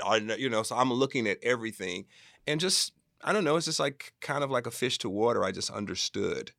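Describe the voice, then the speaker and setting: Gravelly low-voiced director guy telling animated stories, dry close sound. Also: brisk, no room sound. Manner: animated, acts out quoted voices. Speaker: film director, guest. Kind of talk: casual interview storytelling.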